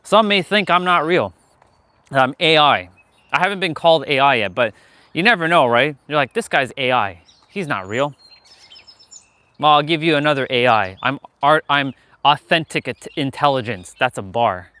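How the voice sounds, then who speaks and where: A man's voice: a little high, normal speed, sharp tone, clean tone, no room sound. A man live-streaming outdoors as he walks with a gimbal camera, talking candidly, with frequent swearing, in a motivational way. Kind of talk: casual live-stream talk while walking. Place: outdoors, walking. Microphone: handheld gimbal camera.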